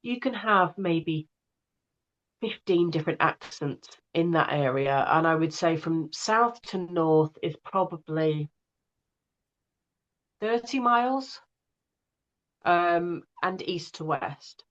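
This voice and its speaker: A woman's voice: lowish voice, lively intonation, slow pace, pauses often, highs cut off. A woman, an audiobook narrator chatting casually and digressively as a guest. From northwest England. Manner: chatty, digressive, many fillers. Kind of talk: casual conversation.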